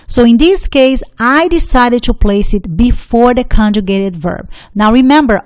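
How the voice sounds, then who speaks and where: Woman teacher, unhurried and deliberate, dry close sound, steady mid voice, restates each rule. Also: a little high, no echo. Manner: deliberate, repeats rules for emphasis. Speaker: Spanish teacher. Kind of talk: grammar lesson explanation.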